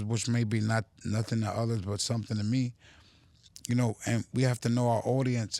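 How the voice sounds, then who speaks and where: A man's voice: lowish voice, a little mellow, no room sound. A man talking as a podcast guest in casual conversation, emphatic and motivational, telling stories. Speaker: guest, cannabis company co-founder.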